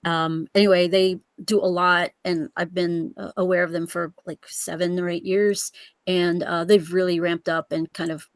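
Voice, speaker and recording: A woman's voice: fairly low pitch, flat delivery, moderate pace, no room sound. A woman hosting a virtual reading on a video call, chatty and welcoming, with many fillers. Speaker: host of a virtual reading series. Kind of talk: casual video call chat.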